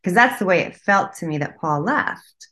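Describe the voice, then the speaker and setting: A woman's voice: lowish voice, animated, bright, forceful tone. A woman talking earnestly in a casual conversation, often restarting and repeating her words. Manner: earnest, halting, repeats herself.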